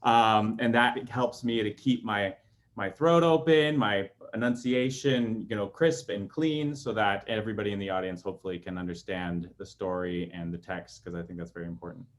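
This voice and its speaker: A man who sings opera talks through his singing technique in a friendly, lively manner. His speaking voice sits low. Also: normal speed. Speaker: opera tenor. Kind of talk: casual interview chat.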